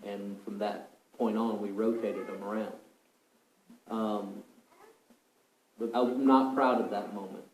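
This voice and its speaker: A man's voice: lowish voice, steady tone, slow, long pauses, slight background noise. A man recounting a mission trip story to a group, reflective and wry. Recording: roomy echo.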